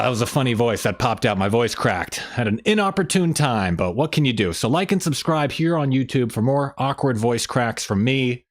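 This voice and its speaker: A man hosting a weekly fan livestream in casual chat, energetic and rambling, with a hoarse voice he says he is losing. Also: medium pitch.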